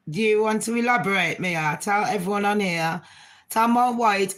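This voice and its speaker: A woman's voice: medium pitch, moderate pace, a bit bright. A middle-aged woman, hosting a casual live chat with her viewers in a rambling, frank, slangy way. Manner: slangy street talk. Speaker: livestream host.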